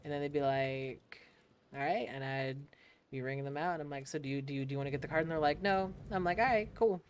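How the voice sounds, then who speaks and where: A young American woman streams a game and tells stories casually, laughing often, swearing freely and acting out the people she quotes in a laid-back way. Her voice is a rumbling low one with little pitch movement, and she talks fast over a slight hiss or hum.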